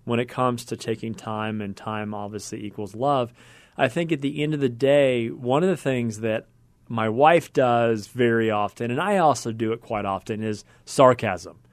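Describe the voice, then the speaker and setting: An earnest man hosts a podcast conversation, working through his thoughts aloud in long, winding sentences. His voice sits at an everyday middle pitch. The sound is close and dry, with no room echo. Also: normal speed. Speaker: podcast host.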